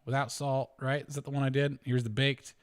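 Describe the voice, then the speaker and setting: Man, mid-pitched, casual, thinking aloud, self-correcting, chuckling, voice swinging up and down. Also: level tone, fairly quick, clear, resonant tone. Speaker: homesteading channel host. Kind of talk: casual spreadsheet walkthrough.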